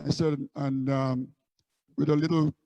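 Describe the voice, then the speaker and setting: A man's voice: medium pitch, little pitch movement, unhurried, gravelly, mellow, dull audio. A man from Guyana, a street musician recalling his busking days in a loose, rambling way. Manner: rambling anecdotes with many restarts. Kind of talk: casual storytelling interview.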